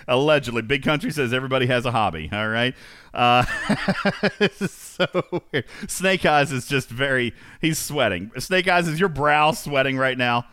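A man's voice: mid-range voice, lively intonation, normal speed, bright, forceful tone, clean tone, no room sound, studio quality. A man hosting a casual livestream, joking, laughing often and announcing segments in a sing-song way. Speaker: livestream host.

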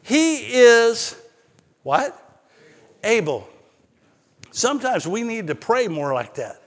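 Slow-preaching pastor in a reverberant hall. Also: male voice, high voice, sing-song. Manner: conversational preaching with personal stories and rising emphatic peaks. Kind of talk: sermon.

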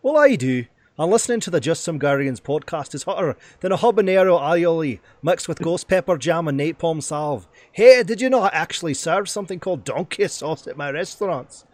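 A man doing an impression of a brash, loud TV chef in a punchy, hyped-up promo delivery. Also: on the high side, lively intonation, fairly quick, hardly any pauses, no room sound, pitched above the performer's own voice, close to an everyday voice.

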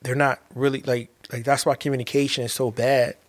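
A man's voice: mid-range voice, little pitch movement, brisk. Earnest father speaking from the heart. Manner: earnest, repeats and restarts phrases, emphatic. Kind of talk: heartfelt monologue.

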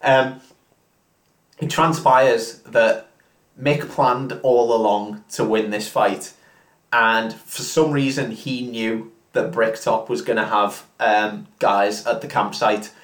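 A man's voice: on the low side, steady tone, slow pace, fairly bright tone, roomy sound. A man casually retelling a film plot in a rambling, sweary way, full of fillers. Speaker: podcast co-host retelling a film. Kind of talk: casual drunken chat.

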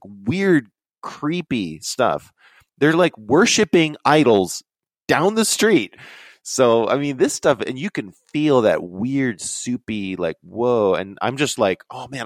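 Excitable rambling man, dry close mic. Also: no room sound. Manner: rambling, excitable, voice jumps high when quoting himself. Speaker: podcast guest. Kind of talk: casual storytelling chat.

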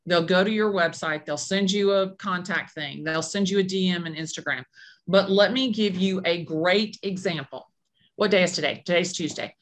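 A real estate agent in her fifties from Atlanta, Georgia, chats in a casual interview, animatedly acting out the people she quotes. Her voice is on the low side and her pace moderate.

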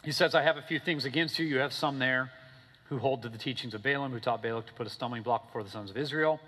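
A man preaching a sermon in a casual, animated storytelling way, often checking in with "okay?" and "right?". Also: fast. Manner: animated storytelling, acting out characters with big pitch swings. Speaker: pastor. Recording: long hall reverb.

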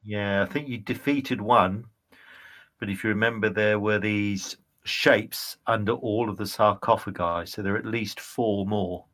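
A man narrating as game master of a tabletop game, with unhurried, descriptive delivery. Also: lowish voice, steady tone, fairly bright tone.

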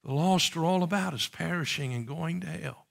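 This pastor's voice is a little high and gravelly, and he keeps a moderate pace. His fervent sermon shifts between booming appeals and quiet pleading, with rhetorical questions aimed at the congregation.

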